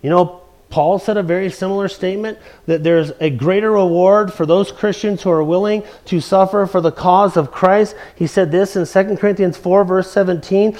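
Male preacher, fairly high voice, emphatic sermon delivery, leans on repeated key phrases. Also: moderate pace, hardly any pauses, darkish tone. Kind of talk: expository sermon.

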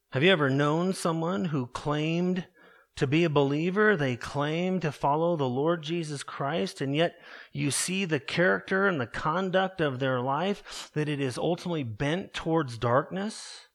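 A man preaching a sermon earnestly, slowing down and dropping his voice low to stress key words. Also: gravelly. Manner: earnest preaching, slows and drops low for emphasis. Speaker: pastor.

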